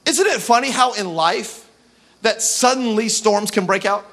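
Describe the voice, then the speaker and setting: A male pastor preaching a sermon to a church service, building to shouts and urging the congregation. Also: high voice, unhurried. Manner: preaching with rising shouts and call-and-response urging.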